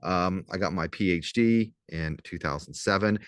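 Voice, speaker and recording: Deep-voiced professor with a slight Southern drawl. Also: male voice, fairly bright tone, clear, resonant tone, no room sound, clean studio sound. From southern Louisiana. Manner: chatty, wry asides, spells words out slowly. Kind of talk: casual recorded lecture.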